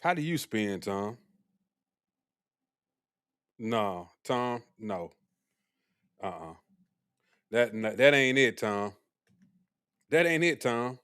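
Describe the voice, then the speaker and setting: A young man hosting a casual live stream, animated and teasing as he talks back to his chat. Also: medium pitch, extremely slow, long pauses, clean tone. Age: young adult.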